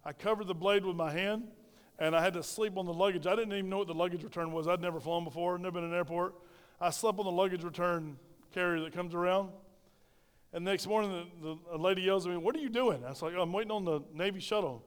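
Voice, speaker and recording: A man's voice: high-pitched, steady tone, quick pace, smooth, in a large hall. A middle-aged male pastor preaching a sermon into a microphone in a church, telling stories, repeating phrases and asking the congregation questions. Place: church sanctuary. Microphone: handheld microphone.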